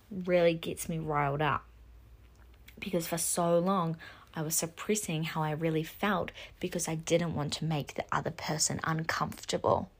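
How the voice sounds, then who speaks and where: A woman's voice: lowish voice, breathy edge. A young woman hosting a solo podcast, talking bluntly and with swearing, and getting more and more worked up. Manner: impassioned, blunt and sweary, rising to near-shouting. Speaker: podcast host. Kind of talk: casual solo podcast monologue.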